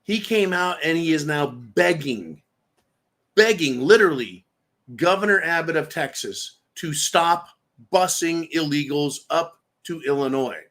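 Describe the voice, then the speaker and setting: A man's voice: a little high, lively intonation, a little slow, fairly bright tone. A man hosting a political livestream in a ranting, mocking way with crude insults. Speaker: livestream host.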